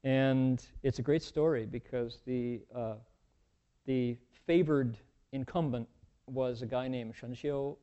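Folksy male dharma teacher, mellow. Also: medium pitch, slow pace, smooth, dull audio. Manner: folksy, humorous, meandering. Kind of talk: folksy dharma talk storytelling.

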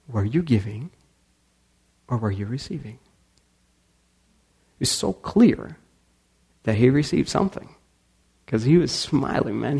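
A man's voice: medium pitch, gravelly, breathy edge. A man giving a talk, telling a story and acting out the people in it. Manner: animated storyteller acting out quotes. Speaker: speaker.

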